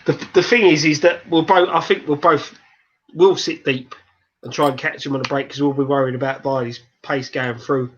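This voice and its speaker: A man's voice: on the high side, fairly even intonation, normal speed, a bit bright, muffled recording, a little hiss or hum. A man talking football as a regular on a casual fan show, restarting his sentences as he works through the analysis. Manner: stammering restarts, earnest match analysis. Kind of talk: casual pub-style football chat.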